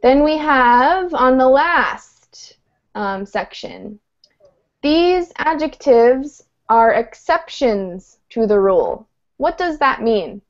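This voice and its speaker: A woman's voice: high voice, expressive, slow pace. A woman teaching an online English lesson, explaining grammar patiently and checking in with her students. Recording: muffled video-call audio.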